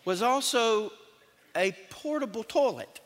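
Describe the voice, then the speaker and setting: A man's voice: extremely high pitch, expressive, a little slow, a bit bright. A male pastor, preaching a sermon in a conversational, joking and emphatic way. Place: church sanctuary. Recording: long church hall reverb.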